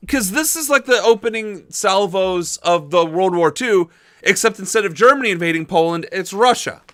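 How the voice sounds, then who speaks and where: A man's voice: high voice, animated, normal speed, a bit bright. Exasperated, cursing political streamer, a man. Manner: blunt, exasperated, swears. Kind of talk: casual political commentary.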